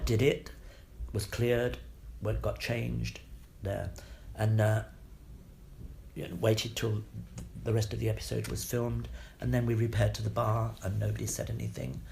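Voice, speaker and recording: Older actor, gravelly, mid-pitched; lively interview raconteur who swears freely. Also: male voice, unhurried, a little hiss or hum. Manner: lively, swears freely, laughs between stories. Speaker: guest actor. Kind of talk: anecdotal interview storytelling.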